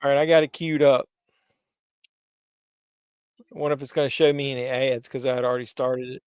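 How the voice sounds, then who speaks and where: A man's voice: medium pitch, fairly even intonation, a little fast, clear, resonant tone, no room sound, rough recording. A man hosting a casual movie livestream, rambling and chatty with lots of fillers, a bit congested from pollen. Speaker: livestream host.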